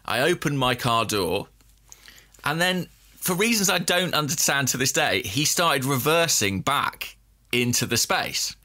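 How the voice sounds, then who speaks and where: Bright-voiced man telling a mishap story. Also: medium pitch, lively intonation, a little slow. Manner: self-deprecating storyteller, laughs at own mishaps. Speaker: podcast co-host. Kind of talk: casual chat, anecdote.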